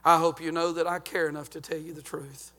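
Fervent high-voiced preacher. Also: male voice, little pitch movement, brisk. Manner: fervent preaching, rising to chanted shouts then dropping low. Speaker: pastor. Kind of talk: sermon.

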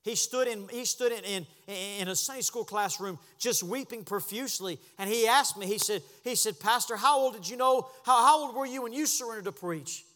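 A man preaching a sermon as pastor, impassioned, dropping to a hush and then rising to a shout. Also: extremely high pitch, fairly quick, hardly any pauses, long reverb tail. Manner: impassioned, swings from hushed to shouting. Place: church sanctuary.

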